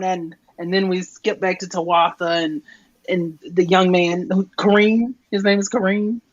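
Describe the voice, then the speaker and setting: A woman's voice: lowish voice, fairly even intonation, a little slow, dry recording, lo-fi sound. A woman co-hosting a podcast, giggling as she recaps a comic in casual chat. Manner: giggly, reads dialogue aloud. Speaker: podcast co-host.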